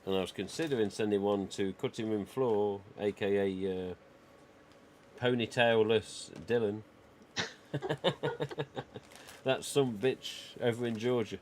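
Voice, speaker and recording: A man's voice: fairly low pitch, a little slow, pauses often, a little mellow, slight background noise. A man hosting a livestream, chatting casually and rambling with lots of "you know" asides. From England. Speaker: livestream host.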